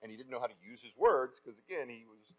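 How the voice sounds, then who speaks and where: Middle-aged male voice actor, animated panel storyteller. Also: medium pitch, fast talker, highs cut off. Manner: energetic storyteller, acts out quotes. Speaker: voice actor giving a talk. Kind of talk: conference panel talk.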